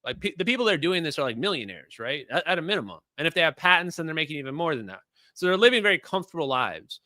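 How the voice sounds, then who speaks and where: Lively bright-voiced male livestream host. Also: fairly high pitch, very fast, no echo. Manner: animated, conversational, addresses viewers as guys. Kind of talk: casual livestream talk.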